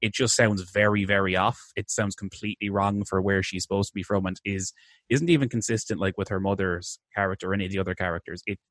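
A man's voice: sits low, fairly even intonation, fast, fairly bright tone, dry recording, studio quality. A man co-hosting a casual film podcast, talking in a rambling way full of restarts and hedges. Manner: rambling, hesitant, many restarts. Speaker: podcast co-host reviewing films. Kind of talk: casual chat.

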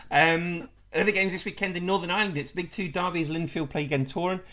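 A man hosting a football podcast, reading a brisk rundown of fixtures and news with dry jokes. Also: high-pitched, fairly even intonation, a bit bright. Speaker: podcast host.

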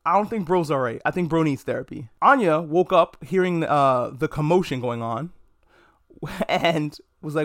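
A man's voice: fairly high pitch, moderate pace, fairly bright tone. A man hosting a casual anime review podcast alone. He talks frankly and jokes, with a lot of swearing. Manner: frank, profane, joking. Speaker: podcast host. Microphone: podcast mic.

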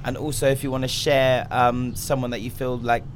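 A man hosting a podcast, talking at an easy, relaxed pace. His voice sits in a middle pitch. He chats loosely and wraps up the show with reminders. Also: moderate pace, slight background noise. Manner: relaxed, easygoing, signs off the show with plugs. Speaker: podcast host. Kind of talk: casual podcast chat.

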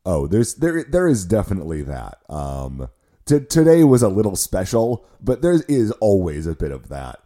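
An American podcast co-host with a very low, hoarse voice roughened by a cold. His tone is dark and mellow, and he keeps the talk relaxed and jokey. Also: normal speed. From United States. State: hoarse, deep sick voice. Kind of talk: casual chat.

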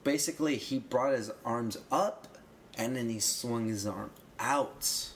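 A man's voice: medium pitch, a little slow, slight background noise. A man in casual conversation explaining soccer rules, rambling and restarting phrases, with emphatic bursts. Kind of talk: casual chat.

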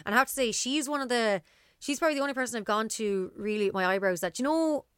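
A woman's voice: on the high side, quick pace, a bit bright, clean tone, dry recording, clean studio sound. A young Irish woman co-hosting a podcast, chatting casually and rambling with lots of fillers and restarts. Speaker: podcast co-host. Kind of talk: casual chat.

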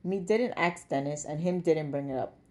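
A woman's voice: deep voice, moderate pace, a little mellow, lightly acted. A woman voicing an elderly Jamaican man living in England, jovial and teasing, with playful patois-tinged phrasing. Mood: flustered.

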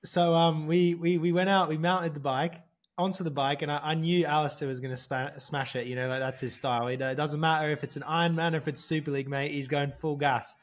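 A young man, co-host of a casual podcast chat, telling animated stories with frequent laughter and swearing. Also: on the high side, fairly quick.

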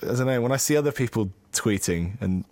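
A man's voice: medium pitch, expressive, fairly quick, darkish tone, no room sound. A man from Guernsey co-hosting a podcast, chatting in a rambling, jokey way that keeps correcting itself. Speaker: podcast co-host. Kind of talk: casual chat.

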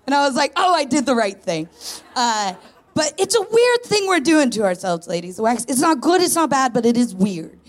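A woman's voice: high voice, big pitch swings, fairly quick. A woman in her thirties doing a frank, self-mocking stand-up comedy set on a live stage. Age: 30s. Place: live stage in a tent before an audience.

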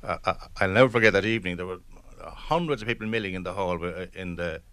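A man's voice: sits low, fast, fairly bright tone, dry recording. A man reminiscing in an interview, telling anecdotes with hesitant restarts.

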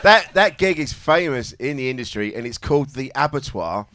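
A man's voice: medium pitch, lively intonation, fairly quick, sharp tone. A man, a comedian on a live panel, telling a blunt, sweary gig story.

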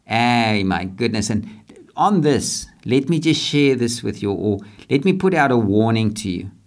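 A man's voice: medium pitch, lively intonation, measured pace. Earnest man giving a faith talk. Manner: earnest, repetitive, with restarts. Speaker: podcast host. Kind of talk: casual motivational faith talk.

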